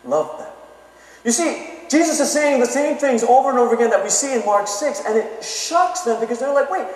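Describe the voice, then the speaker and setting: A man's voice: very high voice, fairly quick. A man preaching a sermon in a conversational way, often checking in with his listeners. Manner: conversational, keeps asking "okay?". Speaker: pastor. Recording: echoey hall, mic from far off.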